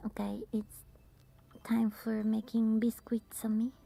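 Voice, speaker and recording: A woman whispering as an ASMR streamer, chatting softly and haltingly with her viewers. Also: on the high side, monotone, creaky, breathy edge. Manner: halting, with many fillers. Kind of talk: whispered ASMR livestream chat.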